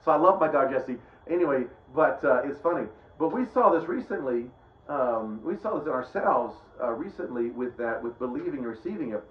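A middle-aged preacher delivers a casual, rambling Bible teaching in a mid-range voice with lively intonation and a brisk pace. He often breaks off and restarts his sentences, keeping things conversational. The recording sounds roomy, dull, and lo-fi.

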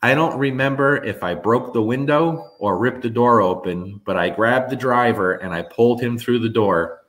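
A man's voice: medium pitch, moderate pace. A middle-aged man from New Jersey telling stories in a casual chat with viewers, rambling with restarts. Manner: animated storyteller, rambling restarts. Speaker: host.

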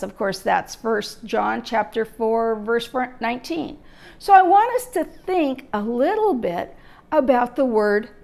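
A woman with a high, creaky voice teaches a church Bible lesson, emphatic and steady, posing rhetorical questions to her listeners.

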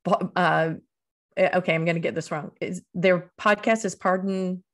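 Woman, 50s, from Eastern North Carolina, lowish voice, lively storyteller, podcast guest. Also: normal speed. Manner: animated, acts out quoted voices with big pitch jumps. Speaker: author and guest. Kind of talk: casual storytelling.

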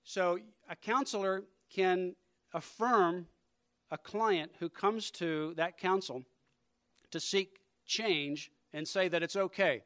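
A man with a slightly high voice delivers a conference lecture as a religious liberty lawyer. He speaks deliberately and emphatically, stressing key words and pausing often. The sound is dry and close, with no room echo. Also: sharp tone. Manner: deliberate, emphatic, with pauses and fillers.

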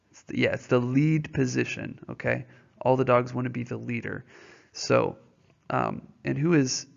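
In a dull lo-fi recording, a man reads a novel aloud to students and explains it informally and patiently. He often pauses to check their understanding with questions, and his medium-pitched voice carries vocal fry.

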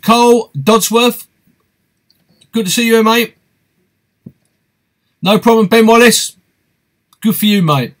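A man's voice: high-pitched, takes it slowly, pauses often. A man hosting a live stream, reading out viewer comments and answering them in a chatty, friendly way. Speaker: host of a fishing live stream.

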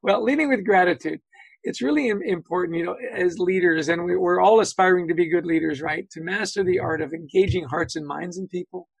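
A man's voice: high voice, a little fast, vocal fry, breathy edge, no echo, rough recording. A man speaking as a guest on a video-call webinar, telling anecdotes, acting out quotes and saying "you know" often. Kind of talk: conversational webinar talk.

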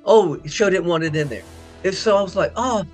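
A middle-aged man, an actor, telling lively behind-the-scenes stories and acting out quotes. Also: fast talker, soft background music. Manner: acts out quoted dialogue with big pitch jumps. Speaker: actor interviewed about a past film. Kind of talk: animated anecdotal storytelling.

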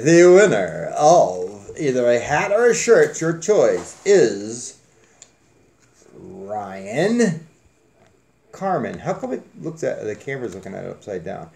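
A man's voice: mid-range voice, gravelly, darkish tone. A man hosting a casual giveaway drawing on his channel, joking and rambling in a folksy way. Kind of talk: casual chat.

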